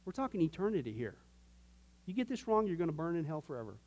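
A man's voice: fairly high pitch, very animated, fast talker, a little mellow. A man teaching an informal Bible class, folksy and joking, often slipping into quoted voices.

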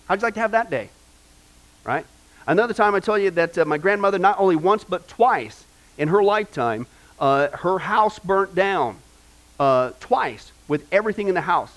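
A male pastor preaching a sermon, telling family stories in an animated way with many "uh" fillers. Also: sits high, moderate pace.

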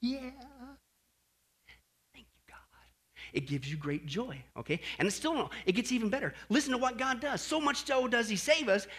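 A male pastor preaching a sermon in an animated way, swinging from loud outbursts to hushed asides. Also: extremely high pitch, normal speed, breathy edge. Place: Las Vegas.

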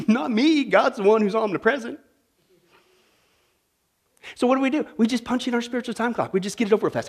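High-voiced man preaching with humor. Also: brisk, pauses often. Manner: animated, humorous, talks straight to the audience. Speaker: pastor. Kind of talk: sermon.

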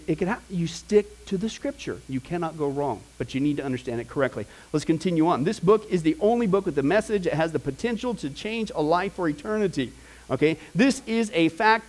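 Animated high-voiced male Bible teacher. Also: poor audio. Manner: animated, conversational, acts out quoted voices.

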